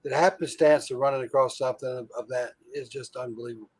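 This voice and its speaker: A man hosting a casual chat, musing in halting phrases that trail off and restart. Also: medium pitch, fairly even intonation. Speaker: host.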